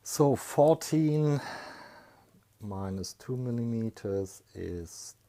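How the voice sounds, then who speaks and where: A man talking through a workshop repair project, thinking aloud in a hesitant, low-key way with many pauses and fillers. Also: expressive, mellow. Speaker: electronics hobbyist. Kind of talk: workshop voice-over talk.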